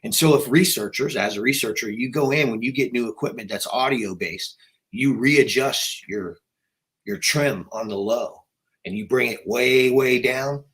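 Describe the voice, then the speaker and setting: A man's voice: mid-range voice, normal speed, fairly bright tone, poor audio. A male researcher explaining things in casual chat, using fillers like "you know" and "like". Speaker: co-researcher guest.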